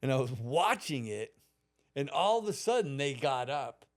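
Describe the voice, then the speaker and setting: A man's voice: medium pitch, big pitch swings, moderate pace. A man in his fifties, a podcast host, telling a childhood story in casual, profane chat and acting out the people in it.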